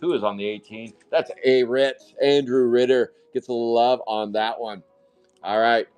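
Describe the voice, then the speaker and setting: Excitable man hosting a card break. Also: medium pitch, normal speed, clear, resonant tone, muffled recording, soft background music. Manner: hype-driven, excitable calling of card pulls, casual swearing. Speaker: trading card break host. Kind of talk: live card-break stream commentary.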